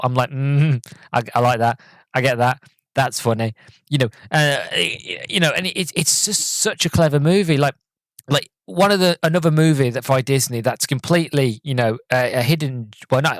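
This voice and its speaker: A young man in his twenties talks through a movie on his own podcast, rambling and animated, often stopping to restart a thought. His voice sits at a middle pitch and jumps up when he gets excited. The sound is dry and close, with no room echo. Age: 20s. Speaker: podcast host. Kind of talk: casual solo movie review podcast.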